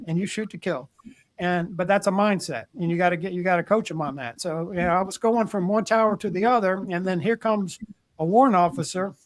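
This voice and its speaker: A man's voice: sits high, no echo. An older man, a retired army general, telling war stories in a casual interview, plainspoken and restarting his words as he acts out conversations.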